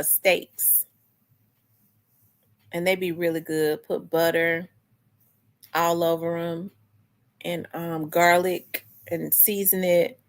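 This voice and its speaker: A woman hosting a casual livestream, chatting with viewers in a loose, rambling way. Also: lowish voice. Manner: chatty, restarts and talks back to chat comments. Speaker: livestream host. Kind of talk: casual chat with live viewers.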